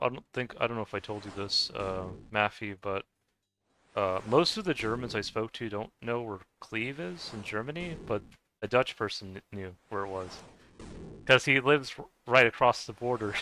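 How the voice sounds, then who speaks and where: A man's voice: mid-range voice, bright, forceful tone, a little hiss or hum. A man chatting casually while he plays a game, rambling and meandering with lots of fillers and restarts. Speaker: gamer chatting while playing.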